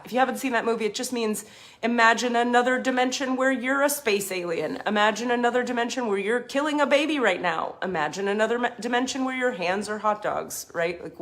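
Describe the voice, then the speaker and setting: A woman hosting a casual spiritual talk, passionate and blunt, swearing freely and swinging between emphatic points and softer asides. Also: medium pitch. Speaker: spiritual advice host.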